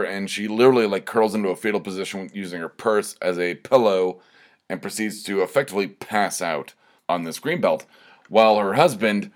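A man with a very low, deep voice tells a personal story in a loose, rambling way. He keeps circling back with fillers and side comments as he talks. It sounds like casual spoken storytelling. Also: moderate pace. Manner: rambling, conversational, with fillers and asides.

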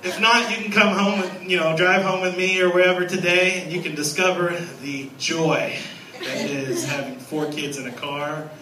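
Guy preaching in a church, high bright voice, echoey room picked up from a ways off. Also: normal speed, distant mic, noisy background. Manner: animated, acts out scenes with a raised voice. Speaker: guest pastor. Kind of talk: sermon. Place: church sanctuary.

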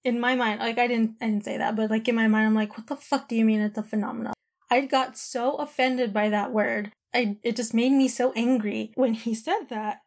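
A woman's voice: on the high side, fairly even intonation, moderate pace, few pauses. A woman casually telling a personal story to camera, retelling conversations and talking with lots of "like" fillers.

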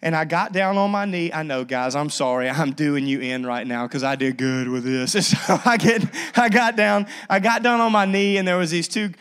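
A man's voice: fairly high pitch, normal speed, few pauses, a bit bright, clear, resonant tone. A young man, a pastor, preaching a sermon and telling a personal story with lots of energy, often restarting his sentences.

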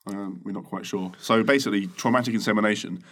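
Crude rambling man, lowish voice. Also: fast talker, a bit bright. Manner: rambling, crude, jokey explaining. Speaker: podcast co-host. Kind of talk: casual chat. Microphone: desk microphone.

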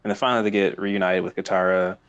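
A man's voice: deep voice, flat delivery, fairly bright tone, smooth, dull audio. A man co-hosting a casual podcast, recapping a cartoon episode, often laughing and briefly mimicking characters. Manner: laughs often, retells scenes in quick character voices. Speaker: podcast co-host.

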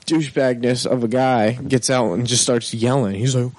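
A man's voice: mid-range voice, moderate pace, dry recording. Profane man telling a story, dry mic. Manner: animated, profane, acts out quotes. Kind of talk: casual storytelling chat.

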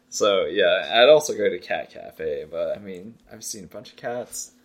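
A man's voice: low voice, expressive, takes it slowly. A young man co-hosting a podcast, chatting casually with a dry, sarcastic sense of humor. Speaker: podcast co-host. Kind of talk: casual chat.

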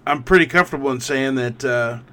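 A man's voice: medium pitch, a little fast, sharp tone, a little hiss or hum. A man co-hosting a podcast who speaks casually and restarts his sentences often. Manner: hesitant, repeats words. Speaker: podcast co-host. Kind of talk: casual chat.

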